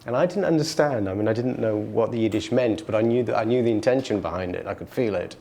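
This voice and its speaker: A man's voice: lowish voice, fast, creaky, warm tone. A man in an oral history interview, telling a childhood story in a reflective, storytelling way with frequent restarts. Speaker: musician recalling his childhood.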